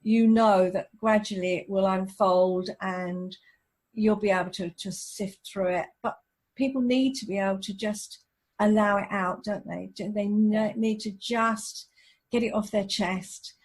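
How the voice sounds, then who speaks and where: A woman's voice: medium pitch, fairly even intonation, measured pace, darkish tone. A woman, a relationship counsellor, hosting a podcast interview and talking in an empathetic, thinking-aloud way.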